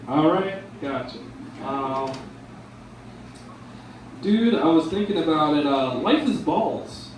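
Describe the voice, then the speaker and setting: A man's voice: a little high, darkish tone, slight background noise. A young man doing a rambling, casual stand-up comedy set in a bar lounge. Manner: rambling, casual, lots of ums and dudes. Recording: echoey room from far off.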